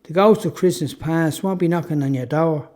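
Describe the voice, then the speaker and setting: A man's voice: fairly high pitch, moderate pace, lightly acted. A man voicing a courteous older ex-thief with a Dublin accent in an audiobook. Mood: reassuring. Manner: courteous, gentlemanly.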